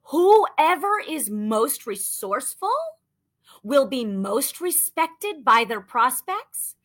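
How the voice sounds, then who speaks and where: A woman in her thirties coaching listeners on sales, telling a story in an animated, chatty way full of "like". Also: high-pitched, takes it slowly. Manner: animated, chatty, lots of "like" and acted-out quotes. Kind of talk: motivational storytelling talk.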